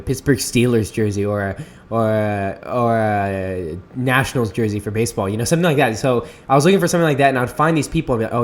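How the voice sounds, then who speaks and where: Fast-talking, rambling male podcaster. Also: mid-range voice. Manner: rapid, rambling, with frequent restarts and fillers. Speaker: podcast host. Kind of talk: casual podcast monologue. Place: Seattle area.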